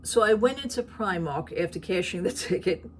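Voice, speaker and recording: A woman's voice: medium pitch, expressive, moderate pace, a little hiss or hum. A middle-aged woman chatting in a rambling, talkative way for her vlog, laughing at her own stories. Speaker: vlogger. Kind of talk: casual chat.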